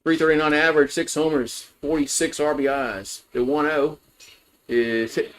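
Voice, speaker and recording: A man's voice: fairly high pitch, steady tone, normal speed, fairly bright tone. A man giving casual, rambling play-by-play of a college baseball game on a livestream, full of fillers and restarts. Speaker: fan play-by-play host.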